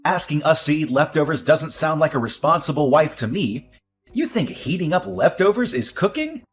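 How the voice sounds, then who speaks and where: An actor playing an entitled young husband who defers to his mother, dismissive and prone to excited outbursts. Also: a little high, moderate pace, soft background music. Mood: scornful. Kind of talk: audio drama acting.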